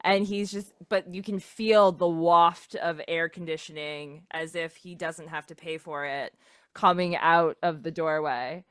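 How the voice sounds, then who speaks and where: A woman's voice: lowish voice, steady tone, unhurried, clear, resonant tone, no room sound, studio quality. A woman narrating a tabletop game as game master, chatty and often laughing. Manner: giggly, chatty, narrating with lots of fillers.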